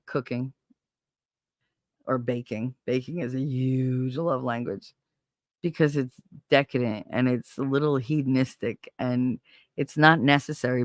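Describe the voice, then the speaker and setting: A man's voice: medium pitch, no echo, clean studio sound. A man hosting a casual live stream, talking bluntly and animatedly with plenty of swearing. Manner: blunt, profane, animated storyteller. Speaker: livestream host. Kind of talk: casual chat to a live audience.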